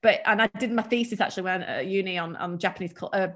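Chatty english lady w mild accent telling stories, animated, mid pitch. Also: fast. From England. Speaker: guest. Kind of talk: casual storytelling.

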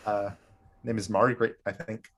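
A man co-hosting a podcast and chatting casually as a game master, halting with frequent restarts and filler words. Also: lowish voice, flat delivery. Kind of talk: casual chat.

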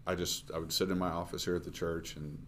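Deep-voiced earnest man in his fifties. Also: little pitch movement, fairly bright tone, a little hiss or hum. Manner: earnest, halting with fillers and restarts. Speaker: missionary guest. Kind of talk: conversational storytelling.

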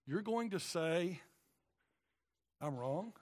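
A man preaching a sermon, his voice pitched fairly high. He moves from quiet asides to emphatic, rising questions as he speaks in God's voice. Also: slow pace, pauses often, husky. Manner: animated, paraphrasing God in rising, emphatic bursts.

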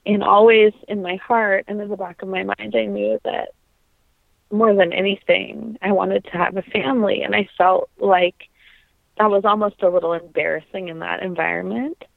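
A woman's voice: mid-range voice, steady tone, normal speed, creaky, no room sound. Earnest woman on a tinny line. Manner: earnest, reflective, frequent ums. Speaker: podcast guest, opera singer. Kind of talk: conversational interview.

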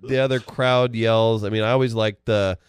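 A man's voice: lowish voice, steady tone, normal speed, clean tone, no echo. A man co-hosting a casual sports talk show, wry and rambling, with plenty of fillers and dry jokes. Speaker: radio co-host.

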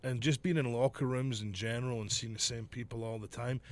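A man's voice: medium pitch, fairly even intonation, fairly quick. A middle-aged man, a podcast host and former wrestler, telling stories in casual chat, swearing freely and laughing often. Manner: profane, laughs often, storytelling.

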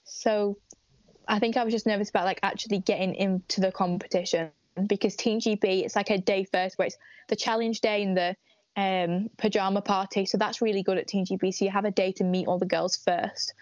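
A woman's voice: medium pitch, fairly even intonation, fairly quick, dry recording. A teenage girl from the UK, a pageant winner answering questions in a casual live interview, chatty and hesitant with lots of ums and likes. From United Kingdom. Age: teens. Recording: dry, dull lo-fi stream audio.

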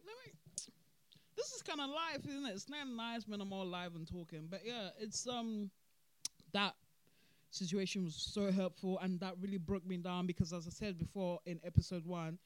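A podcast host, talking through events in animated casual commentary, laughing and repeating points for emphasis. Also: mid-range voice, moderate pace, no room sound.

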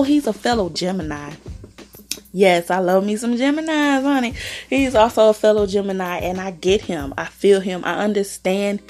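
A woman hosting her own podcast, sassy and chatty about celebrity gossip, calling listeners honey and girl. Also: medium pitch. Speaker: podcast host. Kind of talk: casual celebrity gossip chat.

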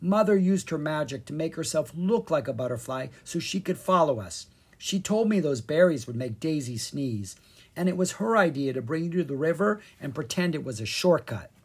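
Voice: medium pitch, lively intonation, normal speed, husky. A storybook narrator voicing a nervous young boy who hesitantly confesses the truth. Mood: admitting. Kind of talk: storybook reading.

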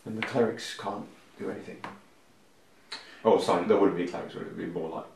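Player, man, low and gravelly, quiet, distant roomy sound. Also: fairly even intonation, brisk, slight background noise.

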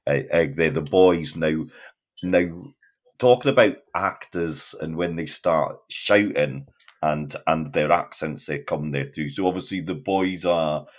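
A man's voice: rumbling low, measured pace. A man speaking as a podcast guest, rambling in casual chat with many restarts.

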